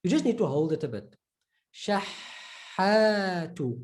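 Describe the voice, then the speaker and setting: A man leads an online Arabic reading lesson. He talks in an encouraging, chatty way. He slows right down to repeat each practice word several times. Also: on the high side, very animated, warm tone. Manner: encouraging, repeats words slowly for drilling. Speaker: Arabic pronunciation teacher.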